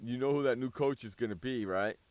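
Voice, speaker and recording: A man's voice: mid-range voice, brisk, a little mellow, dry recording. A man hosting a sports talk radio show, ranting bluntly and cursing freely as he argues about teams and coaches.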